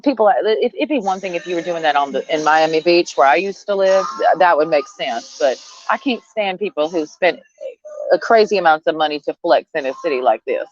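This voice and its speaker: Woman vlogger, low voice, blunt sarcastic profane rant, dull lo-fi dry recording. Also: animated, brisk, no echo. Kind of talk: casual rant to camera. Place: outdoors, sitting under a tree. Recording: dull, lo-fi sound.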